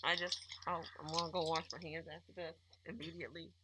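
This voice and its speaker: A woman joining a podcast chat, animated and outspoken. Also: low-pitched, quick pace, background noise. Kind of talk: casual chat.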